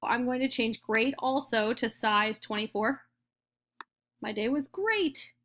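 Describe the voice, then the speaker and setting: Woman, teacher, fairly high voice, patient step-by-step screen tutorial. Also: slow pace, pushed and bright.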